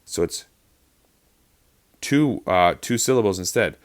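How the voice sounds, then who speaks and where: A man's voice: on the low side, lively intonation, takes it slowly. A man teaching actors about verse rhythm in a lecture, explaining patiently and counting out beats to show stress. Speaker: acting teacher.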